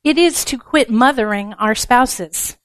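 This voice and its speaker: This woman's conversational sermon to a women's gathering is unhurried, frank and down-to-earth, with blunt humor. Her slightly high voice is captured close and dry, without echo.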